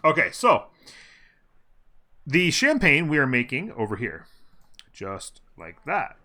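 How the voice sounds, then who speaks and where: A man hosting a city-building gameplay video, chatting casually and thinking aloud as he plays, often pausing on fillers and correcting himself. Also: medium pitch, very animated, sharp tone.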